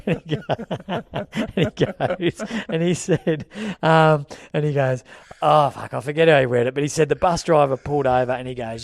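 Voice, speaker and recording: A man's voice: a little high, huge pitch swings, slow, vocal fry, long pauses, no room sound, clean studio sound. An Australian man co-hosting a podcast, telling a long rambling story in casual chat. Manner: rambling anecdotes, laughs while telling. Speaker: podcast co-host.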